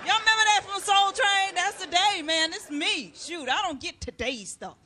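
Brash, shouting middle-aged woman comedian. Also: extremely high pitch, moderate pace, soft background music. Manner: loud, brash, shouting to the crowd. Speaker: stand-up comedian. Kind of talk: stand-up comedy routine. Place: stage before a live studio audience. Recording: loud live audience and noisy hall.

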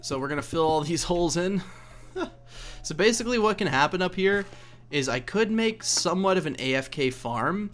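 A man's voice: sits high, lively intonation, normal speed, a bit bright, faint music behind. Chatty young man narrating a game. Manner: chatty, rambling, laughs at himself, coaxes in-game characters. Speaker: let's play host. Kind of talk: casual gameplay commentary.

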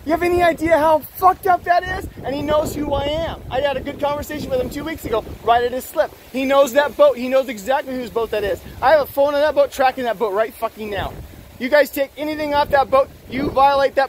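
Furious high-voiced man berating officials. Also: fairly quick, noisy background. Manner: angry, accusatory, profane, shouting. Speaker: boat owner confronting officials. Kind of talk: heated confrontation, filmed. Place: outdoors at a harbor.

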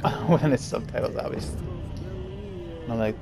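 A man's voice: medium pitch, fairly even intonation, fairly quick, vocal fry, pauses often, music in the background. A man casually commenting while playing a video game, rambling and easygoing with lots of fillers. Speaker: gaming channel host. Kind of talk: casual let's-play commentary.

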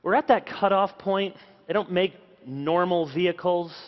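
A man in his thirties delivers a conference sermon from the stage, slipping into a light, lively storytelling mode as he acts out his children's words. His voice sits high for a man. The recording comes through a little dull and muffled. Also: measured pace, big-room sound. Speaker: pastor. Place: large conference hall.

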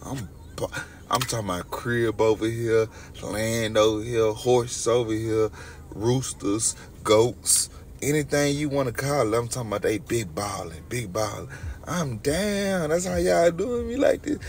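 A young man with a gravelly, creaky voice, talking straight to his viewers during a late-night livestream. He tells his stories in a loose, rambling way. The sound comes from a phone set a little way off, with a faint hum behind him. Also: lowish voice, unhurried, distant mic. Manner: loose, storytelling, talks straight to chat.

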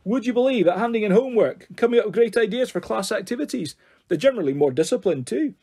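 A man's voice: high voice, animated, quick pace, mellow, a little hiss or hum, pitched above the performer's own voice. A man voicing a kindly, earnest male head teacher who lectures fondly, in a storybook reading.

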